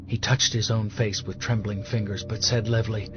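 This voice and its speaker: A man reading fantasy narration in a measured, steady way. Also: fairly low pitch. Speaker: audiobook narrator. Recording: dull lo-fi audio with music behind.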